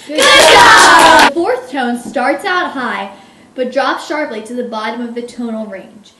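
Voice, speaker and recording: A woman's voice: on the high side, expressive, unhurried, roomy sound, heavy background noise. A woman in a classroom presentation, reading a lesson on tones aloud.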